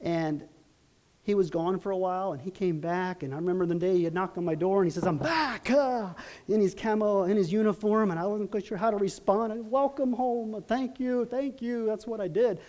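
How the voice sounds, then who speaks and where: A middle-aged man preaching a sermon as pastor, telling stories in an earnest, halting way with many restarts. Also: high-pitched, darkish tone.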